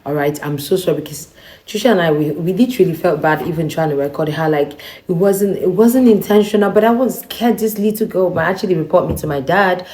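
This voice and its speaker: A woman's voice: fairly low pitch, fairly quick, darkish tone. A young woman vlogger telling a personal story to her viewers, acting out both sides of a quarrel. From Nigeria. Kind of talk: storytelling to camera.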